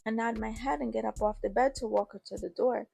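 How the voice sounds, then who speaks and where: A woman's voice: fairly high pitch, steady tone, brisk, vocal fry, a little mellow, husky. A woman narrating a first-person story in a casual, conversational way.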